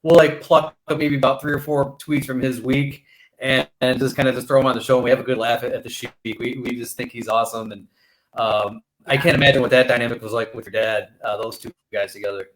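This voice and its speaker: A man's voice: mid-range voice, fairly even intonation, fast, a little hiss or hum, low-quality recording. A man hosting a casual interview, asking rambling questions full of fillers. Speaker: host.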